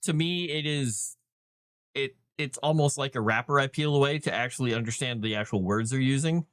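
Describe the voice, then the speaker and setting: A livestream host and game master chats casually about running tabletop games, rambling with lots of fillers and restarts. His medium-pitched voice moves at normal speed and sounds fairly bright, clear and resonant, recorded studio-clean with no echo.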